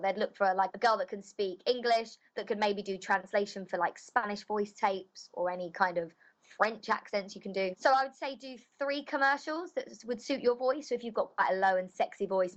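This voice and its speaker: A woman's voice: medium pitch, highs cut off. A woman voice actress chatting casually in an interview, loose and full of filler phrases. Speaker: voice actress guest.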